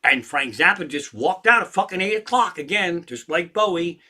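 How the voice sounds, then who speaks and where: A man in his sixties rants on a livestream with a slightly high voice and a sharp, tense edge. He swears constantly and gets more and more worked up as he talks. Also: animated, normal speed. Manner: profane, ranting, worked up. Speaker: comedian hosting a livestream. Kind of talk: profane ranting livestream chat.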